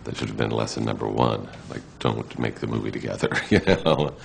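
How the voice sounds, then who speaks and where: A man's voice: extremely low pitch, a little fast, vocal fry, slight background noise. A man commentator with a dry, wry interview manner.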